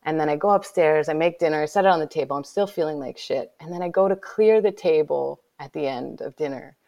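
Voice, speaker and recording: Gravelly woman, lowish voice, tells her story all animated, drops to whispers then gets loud. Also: fairly quick. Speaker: guest, author. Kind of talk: emotional personal storytelling.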